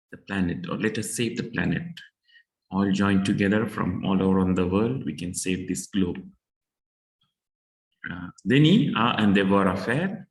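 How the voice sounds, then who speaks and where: A man's voice: on the low side, darkish tone. A man teaching a French lesson: he reads French lines aloud, then translates and explains them in English. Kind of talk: bilingual language lesson. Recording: echoey room.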